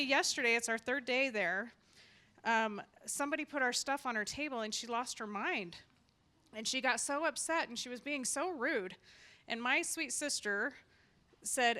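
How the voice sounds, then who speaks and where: A woman's voice: on the high side, moderate pace. A woman hosting a live community event, speaking in a heartfelt way and telling stories. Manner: warm, heartfelt, repeats her motto. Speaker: event host, nonprofit founder. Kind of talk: emotional live event speech. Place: event hall with audience.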